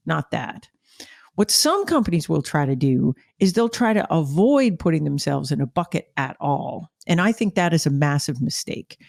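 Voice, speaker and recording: Woman podcast host, conversational storyteller who acts out quotes; slight vocal fry, dead-dry booth sound. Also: fairly low pitch, darkish tone, no echo. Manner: chatty, frequent "like" fillers, acts out quoted voices. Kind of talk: storytelling monologue.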